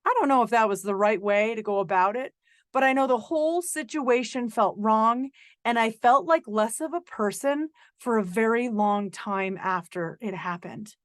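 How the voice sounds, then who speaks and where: A woman's voice: a little high, normal speed, no room sound. Earnest middle-aged woman podcaster, dry sound. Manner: earnest, sarcastic in places. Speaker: podcast host. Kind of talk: personal storytelling monologue.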